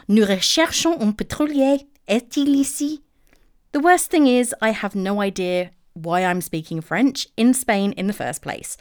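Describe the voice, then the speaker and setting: Woman, chatty storyteller, self-deprecating asides, smooth clear tone, dry recording. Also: on the low side, no room sound. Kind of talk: casual solo storytelling.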